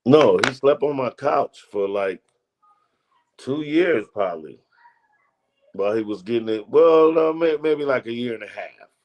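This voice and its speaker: A man's voice: medium pitch, lively intonation, unhurried, dull audio. A man telling rambling, slangy stories in a casual interview. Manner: loose, rambling, slangy storytelling with restarts. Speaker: comedian guest.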